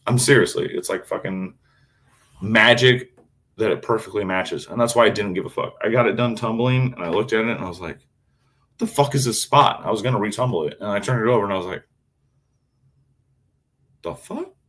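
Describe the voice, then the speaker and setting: A man's voice: on the low side, quick pace, a bit bright. A man chatting casually on a live stream, swearing constantly as he rambles about his knives and answers chat. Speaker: knifemaker streamer.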